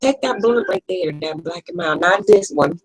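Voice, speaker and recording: A woman hosting a casual late-night chat, talking bluntly and profanely in animated storytelling. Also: mid-range voice, normal speed, gravelly, husky, rough recording. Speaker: host.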